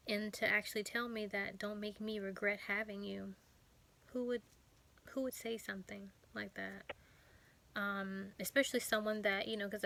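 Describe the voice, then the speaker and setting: Female vlogger, bright tone, halting earnest delivery with lots of "um"s. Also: mid-range voice. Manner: halting, earnest, many fillers. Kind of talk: personal testimony vlog.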